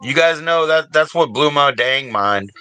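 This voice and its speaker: A man's voice: on the high side, lively intonation, measured pace, pushed and bright, clean tone, no echo. An older man hosting a casual livestream, rambling and laid-back, reading out viewers' names and chatting with them. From Washington DC area, US. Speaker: livestream host.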